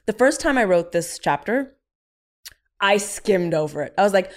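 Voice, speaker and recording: This is a woman being interviewed about her book, with a mid-range pitch. She speaks candidly and casually, and her stories are animated. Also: normal speed. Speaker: author and guest.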